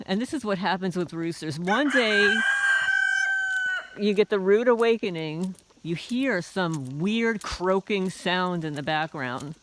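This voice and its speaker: A woman's voice: mid-range voice, very noisy. A woman vlogging casually from her homestead, rambling and aggrieved with wry asides. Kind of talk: casual walk-and-talk vlog. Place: outdoors on a small homestead near a chicken coop. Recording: outdoor recording with crowing roosters and clucking hens.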